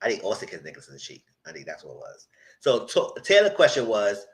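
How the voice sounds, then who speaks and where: A man giving a live casual recap of a reality dating show, acting out the quoted lines and breaking into high-pitched excitement. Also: fast. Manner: animated, breaks into high shrieks and laughter when excited; acts out quoted lines in voices.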